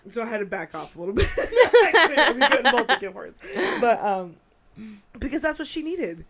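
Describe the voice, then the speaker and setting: A woman's voice: fairly high pitch, big pitch swings, brisk, crowd noise. A woman who works as a teacher, co-hosting a podcast in a casual, reflective way and laughing often. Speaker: podcast co-host.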